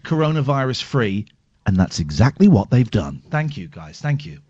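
A male radio host in casual, playful, self-mocking banter, drawling some words and rushing others. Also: low-pitched, very animated, mellow, husky. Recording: lo-fi radio broadcast.

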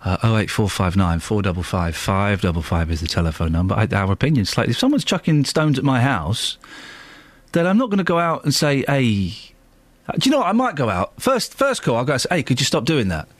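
A man's voice: mid-range voice, sing-song, brisk, no echo. A man with a British accent hosting a radio phone-in, arguing with a guest and mocking the other side. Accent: British English. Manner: combative, mocking, puts on silly voices for quotes. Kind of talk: argumentative radio chat. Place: radio studio.

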